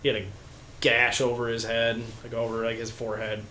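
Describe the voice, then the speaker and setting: A man's voice: medium pitch, completely flat delivery, a little fast, bright, forceful tone, a little hiss or hum. A young man, a podcast guest, telling a wild story casually, swearing freely and acting out the voices of the people in it. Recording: echoey room.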